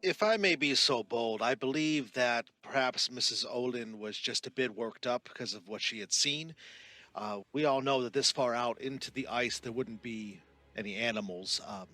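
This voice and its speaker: A man voicing a formal, polite gentleman father with courteous manners. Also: mid-range voice, normal speed, no room sound, soft background music, lightly acted.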